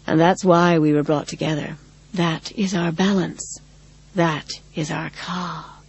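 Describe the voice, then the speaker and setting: A woman voicing a strange, patient madwoman with a sweetly husky voice and slow, solemn speech. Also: low voice, fairly even intonation, darkish tone, exaggerated voice.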